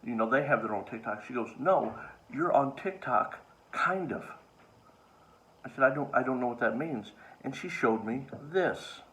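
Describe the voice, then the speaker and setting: A man's voice: mid-range voice, a little fast, few pauses, bright, forceful tone, slight background noise, poor audio. A man, a comedian, telling a story in a casual monologue to camera with an exasperated, wry manner.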